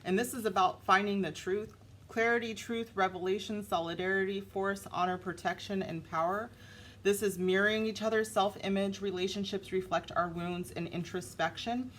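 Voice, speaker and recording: A woman giving a casual, animated tarot reading, talking straight to her viewers. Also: mid-range voice, normal speed, a little hiss or hum. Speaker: tarot reader.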